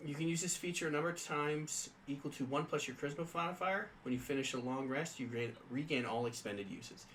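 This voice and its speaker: A man's voice: fairly high pitch, brisk, a bit bright, a little hiss or hum, poor audio. A man co-hosting a casual tabletop game podcast, reading rules aloud and chatting with many fillers. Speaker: podcast co-host.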